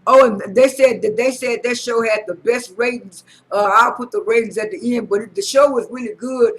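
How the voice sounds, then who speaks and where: A man recapping a reality show episode in a casual, halting way, with lots of repeated "and" and "uh" and frequent restarts. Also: very high-pitched, steady tone, fairly bright tone, low-quality recording. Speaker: recap vlogger.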